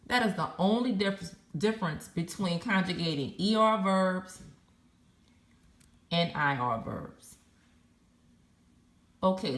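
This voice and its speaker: A woman's voice: lowish voice, bright, forceful tone, roomy sound. A woman teaching a recorded Spanish lesson, patiently spelling out verb endings letter by letter.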